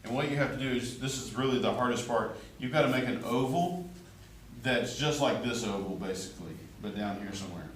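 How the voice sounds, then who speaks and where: A male art teacher with a brisk, mid-range voice chats and jokes while demonstrating a drawing and checking in with his class. The sound comes from far off in an echoey classroom with faint room noise.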